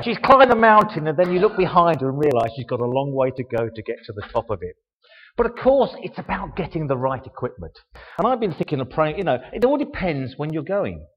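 A man's voice: on the high side, a little hiss or hum. Chatty older man in an echoey hall. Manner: chatty, self-mocking, rhetorical questions. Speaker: speaker giving a talk. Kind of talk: informal show-and-tell talk. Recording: echoey hall, dull sound.

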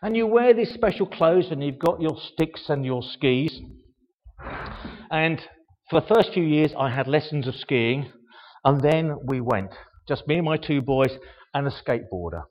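A man's voice: fairly high pitch, expressive, unhurried. An older man giving an informal show-and-tell talk, chatty and self-mocking, asking the audience rhetorical questions. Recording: echoey hall, dull sound.

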